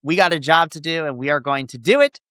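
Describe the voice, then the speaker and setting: A man hosting a casual wrestling review podcast, playful and jokey with quick asides. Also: a little high, bright, forceful tone, no room sound, clean studio sound. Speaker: podcast host.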